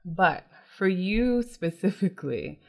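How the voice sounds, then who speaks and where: A woman's voice: on the low side, lively intonation, slow. A woman hosting a podcast, who sets up her questions to the guest thoughtfully and carefully. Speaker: podcast host. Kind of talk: interview host.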